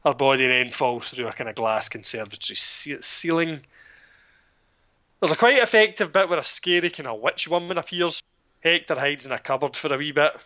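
Scottish man, sharp bright tone, sardonic, casual film chat. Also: fairly high pitch, fairly quick. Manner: sardonic, swearing, animated storytelling.

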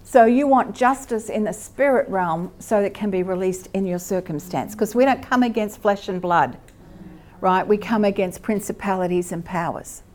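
A middle-aged Australian woman giving a lively, conversational church teaching and asking her listeners questions. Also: mid-range voice, normal speed, a little hiss or hum. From Queensland, Australia. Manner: lively, asks the audience questions.

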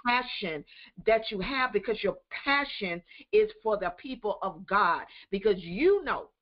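Woman, church show host, encouraging, quotes scripture, mid pitch, dull lo-fi audio. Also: expressive, a little slow. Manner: encouraging, scripture-quoting, affirming. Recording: dull lo-fi sound.

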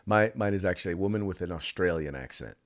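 A man co-hosting a talk podcast, chatting casually. His pitch swings widely as he tells stories and jokes with the others. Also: fast talker. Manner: joking, animated storytelling. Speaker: podcast co-host. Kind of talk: casual chat.

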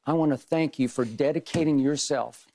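An older man, a sports debate host, giving an earnest, measured farewell tribute to his co-host, with wry jabs. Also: a little high, dark tone, a little hiss or hum.

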